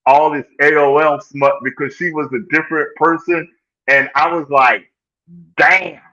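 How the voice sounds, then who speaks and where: A man's voice: fairly high pitch, flat delivery, normal speed, bright, forceful tone, muffled recording. A man in his sixties hosting a casual live group chat, telling stories and checking in with "right?" as he goes. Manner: storytelling, keeps checking in with "right?".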